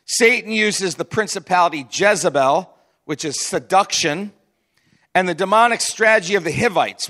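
A man's voice: high voice, bright, forceful tone. A man preaching a sermon as pastor, in a chatty, conversational way with frequent asides and restarts.

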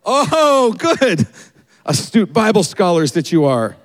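A man preaching a sermon, retelling a story and acting out its people with quick changes in his voice. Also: sits high. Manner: animated, acts out the people in the story with quick shifts in voice. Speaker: pastor.

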